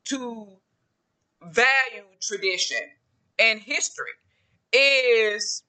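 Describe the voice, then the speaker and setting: A man with a high, very bright, forceful voice talks to camera in a casual solo vlog. He rambles, often repeating phrases and starting sentences over before finishing a thought. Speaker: podcaster and YouTuber.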